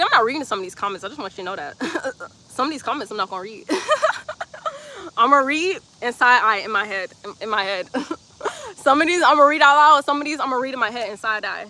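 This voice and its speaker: Playful, bright-voiced woman streaming outdoors. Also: a little high. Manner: playful, teasing, laughs often, repeats phrases. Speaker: livestreamer reading chat comments. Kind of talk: casual livestream chat. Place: outdoors in sunlight.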